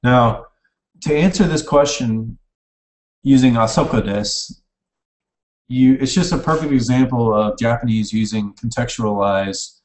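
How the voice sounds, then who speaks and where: A man's voice: mid-range voice, a little slow, darkish tone. A man giving an informal recorded language lecture, speaking casually and correcting himself as he goes while typing. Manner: casual, self-correcting, types while explaining. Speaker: online language teacher. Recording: echoey room, mic at a distance.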